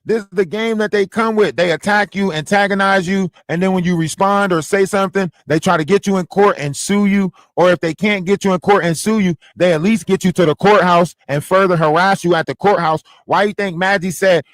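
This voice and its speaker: A man with a notably high speaking voice, chatting on a livestream. He is loose and profane and hammers the same lines for emphasis, with a close, dry sound. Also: a little fast, hardly any pauses, dry recording. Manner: animated, profane, repeats phrases for emphasis. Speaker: livestream co-host. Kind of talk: casual livestream commentary.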